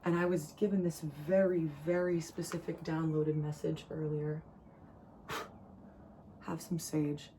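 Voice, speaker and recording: A woman's voice: low voice, little pitch movement, slow, long pauses, mellow, slight background noise, rough recording. A young woman from New Jersey giving an earnest, emotional spiritual channeling reading as a tarot reader. She rambles, restarts and circles back on her words.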